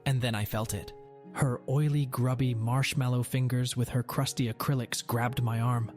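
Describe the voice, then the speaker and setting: A young man tells an online story in a dry, matter-of-fact voice at an ordinary middle pitch. His delivery has a sardonic edge. Soft music plays quietly underneath. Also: steady tone, normal speed. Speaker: narrator.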